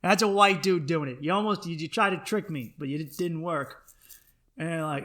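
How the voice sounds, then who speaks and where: A man's voice: on the high side, normal speed. A young man, telling a comic story on his podcast and acting out the other people in it. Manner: animated, acts out other people's voices in his stories. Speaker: podcast host. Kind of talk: comedic storytelling monologue.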